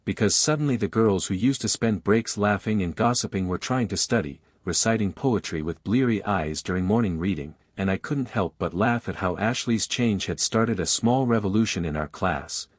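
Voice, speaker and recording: A man telling a first-person romance story with a lowish voice, in long, unbroken sentences that keep a steady flow. The sound is dry and close, with no room around it. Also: moderate pace, few pauses, dry recording. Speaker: narrator.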